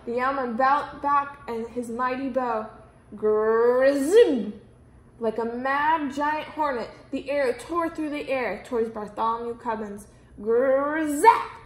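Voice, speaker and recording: A woman reading a children's story aloud, with expressive storytelling. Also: sits high, normal speed, hardly any pauses. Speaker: reader. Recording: roomy echo.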